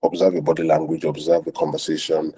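A man's voice: very deep voice, level tone, fast talker, dark tone, slightly rough. A man teaching street evangelism in a loose, repetitive talk, often asking "right?" and acting out what he says to strangers.

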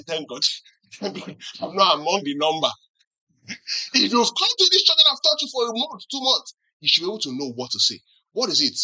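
A pastor delivers a sermon in a medium-pitched, bright, forceful voice with a breathy edge, captured on a low-quality recording. The preacher keeps asking the congregation questions to answer back and teases them with humorous acted-out examples.

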